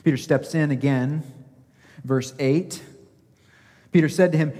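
A man's voice: a little high, measured pace, pauses often, warm tone, big-room sound. A man preaching a sermon as pastor, emphatic, asking his listeners rhetorical questions and acting out scripture quotes.

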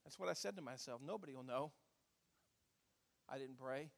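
A man's voice: medium pitch, normal speed, creaky, long reverb tail. A man preaching a sermon as pastor, telling a story and asking the congregation questions.

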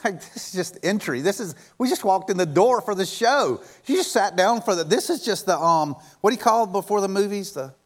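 Animated man preaching a sermon. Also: high voice, a little fast, hardly any pauses. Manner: conversational, animated, rising loud when voicing God. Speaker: pastor.

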